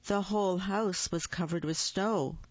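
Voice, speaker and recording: A storyteller reading a picture book aloud at a deliberate pace, with small slips. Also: medium pitch, husky, no echo, dull audio.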